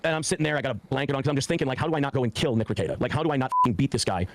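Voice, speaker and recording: A man's voice: mid-range voice, racing, fairly bright tone, a little hiss or hum. A man in his forties telling a heated personal story on a podcast, swearing often and acting out what others said. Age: 40s. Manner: profane, heated, acts out quoted speech.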